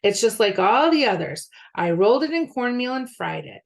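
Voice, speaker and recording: A woman's voice: mid-range voice, sing-song, normal speed, creaky. A woman voicing an impatient, scheming boy in a storybook reading, bossy and hurrying. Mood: pushy.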